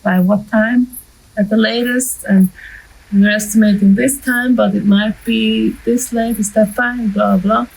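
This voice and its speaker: A woman's voice: a little high, steady tone, measured pace, creaky, a little mellow, breathy edge, low-quality recording. A woman explaining short-film pre-production in a casual, practical way, with light laughs and filler ums. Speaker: filmmaking instructor. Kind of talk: casual instructional talk to camera.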